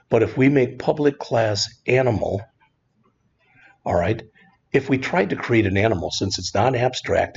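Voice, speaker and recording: A man teaching a screen-recorded programming lesson in a relaxed, conversational way, often saying "all right". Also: lowish voice, husky, lo-fi sound. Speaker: programming instructor.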